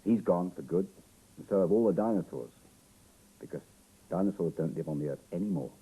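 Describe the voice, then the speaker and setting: A middle-aged Australian man, a children's TV presenter, reading a picture book aloud to young children in a playful, animated way with gasps and exclamations. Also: deep voice, brisk, husky, rough recording.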